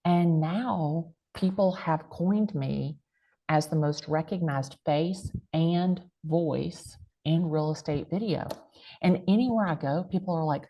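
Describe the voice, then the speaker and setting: A woman with a thick American country accent speaks in a low, full voice. She talks emphatically, dropping folksy catchphrases as she gives advice in an interview. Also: takes it slowly, muffled recording. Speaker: real estate agent and guest speaker. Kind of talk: motivational interview talk.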